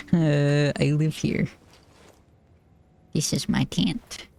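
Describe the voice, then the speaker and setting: Low-voiced woman streaming a game. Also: vocal fry, slight background noise. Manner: chatty, reactive, swears when startled. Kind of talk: casual gaming commentary.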